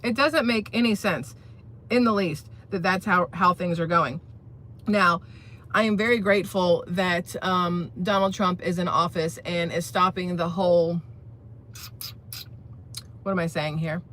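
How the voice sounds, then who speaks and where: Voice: mid-range voice, fairly even intonation, unhurried, pauses often, fairly bright tone, a little hiss or hum. A channel host giving blunt, opinionated political commentary in a casual vlog, talking straight to viewers and rambling through restarts.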